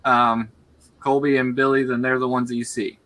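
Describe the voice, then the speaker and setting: A man running a tabletop game as game master, talking in halting bursts full of fillers and restarts. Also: mid-range voice, flat delivery, a bit bright.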